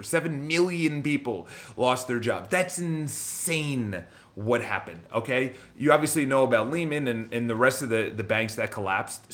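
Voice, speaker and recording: Guy telling a story to camera, plays out the other people's lines, restarts a lot, swears here and there. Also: medium pitch. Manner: animated retelling, acts out dialogue, frequent restarts; swears casually, laughs while telling the story. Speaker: real estate vlogger.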